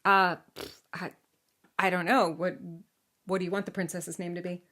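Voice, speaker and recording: A woman's voice: on the low side, flat delivery, moderate pace, a bit bright. A woman from the United States, casually telling a legend to a child, chatty and playful with asides. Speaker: storyteller.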